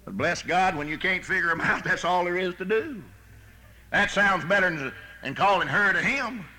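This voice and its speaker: A man preaching a sermon as pastor, with a folksy manner, rising to shouted emphasis. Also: high-pitched, normal speed.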